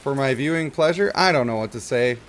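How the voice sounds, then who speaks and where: A man of middle pitch talks through his game stream with loose, wry, self-mocking chatter. He reads chat and riffs as he plays. A faint hiss of noise sits underneath. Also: expressive, fairly quick. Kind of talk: casual stream commentary.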